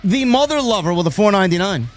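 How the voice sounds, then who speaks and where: A New Yorker who hosts a wrestling live stream speaks fast in a high voice with lively intonation, soft music playing behind him. His chat is rambling and full of restarts as he reads out messages from viewers.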